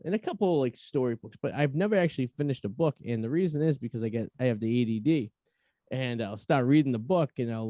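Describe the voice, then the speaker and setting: Rambling Boston man, mellow voice. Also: mid-range voice, no room sound. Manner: rambling with stammered restarts. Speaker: podcast host. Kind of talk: casual chat.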